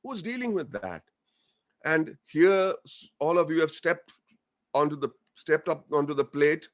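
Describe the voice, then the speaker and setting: Earnest, joking Indian man, higher voice. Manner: jokey, earnest, mixes English with Hindi. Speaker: guest speaker, actor. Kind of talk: informal webinar speech.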